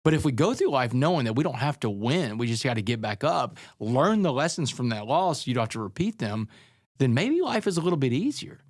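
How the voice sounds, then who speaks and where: A man's voice: medium pitch, very animated, fairly quick, no echo, clean studio sound. A man who is a guest author, telling his life story in an earnest, conversational way in an interview. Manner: earnest, conversational, calls people man and brother.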